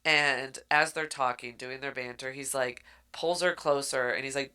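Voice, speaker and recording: Woman podcast co-host, animated storyteller, bright forward tone. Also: very deep voice, moderate pace, hardly any pauses, smooth. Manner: animated storytelling, acts out quotes. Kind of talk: casual chat recapping a book.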